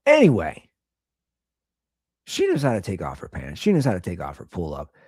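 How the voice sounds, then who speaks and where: A man in his thirties tells a rambling, exasperated story as a show host. His pitch swoops up and down as he talks. The sound is dry and close. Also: wildly swooping pitch, normal speed, a little mellow, slightly rough, no echo. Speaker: podcast host; father of two young girls. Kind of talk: casual storytelling monologue.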